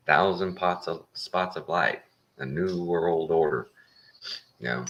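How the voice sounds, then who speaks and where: A Texan man talking straight to the listener in a folksy, wry monologue. His voice sits extremely low and grinds with gravel. It still comes through with a bright, forceful edge. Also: slow, muffled recording, a little hiss or hum. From Texas. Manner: folksy, plain-spoken, wry. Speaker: show host. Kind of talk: casual opinion monologue.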